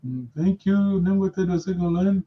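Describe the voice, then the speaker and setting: A slightly high-voiced man leads a language class, patiently drilling his students and correcting their pronunciation. His voice comes through dull, lo-fi audio. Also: moderate pace. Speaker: language teacher. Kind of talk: live language lesson.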